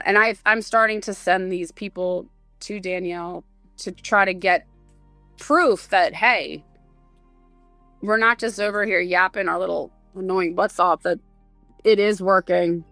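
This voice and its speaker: A woman with a low, gravelly voice shares casual stories as a podcast guest. She rambles and acts out what others said to her, with plenty of "like" and "um". The sound is dry and close. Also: steady tone, unhurried, fairly bright tone, no room sound, faint music behind. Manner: rambling anecdotes with many fillers and acted-out quotes. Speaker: guest, bereaved mother and advocate.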